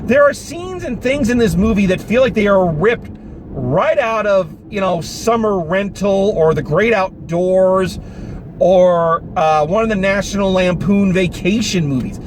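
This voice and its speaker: A man giving a casual, animated review of a film, talking with exasperation and some swearing, recorded in a car. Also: sits high, a little slow. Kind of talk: casual spoken movie review. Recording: noisy car interior.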